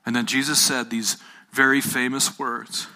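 A man delivering a sermon to a room full of listeners. He retells the story in his own words, repeats key phrases and throws questions out to the crowd. His voice is bright and forceful, at an ordinary middle pitch. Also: little pitch movement, normal speed. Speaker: preacher. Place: room with a live audience.

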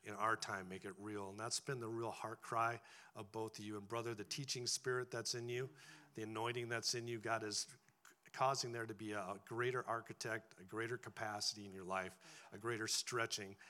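A man's voice: lowish voice, steady tone, fairly quick, pushed and bright. A man preaching a sermon to a church congregation in a conversational style, often checking in with a rhetorical "right?". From farming background.

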